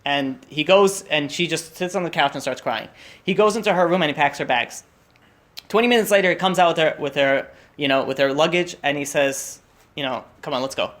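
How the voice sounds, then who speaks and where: A young man telling a story at a holiday meal, talking fast and tumbling over his words. His voice sits somewhat high for a man, and he keeps restarting with lots of fillers. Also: a bit bright. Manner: rushed, restarts often, many fillers.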